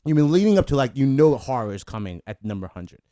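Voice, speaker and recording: A man's voice: mid-range voice, fast talker, no echo, clean studio sound. A man co-hosting a comic book podcast, chatting casually and acting out lines he quotes. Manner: animated, acts out quoted villain lines. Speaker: comic show co-host.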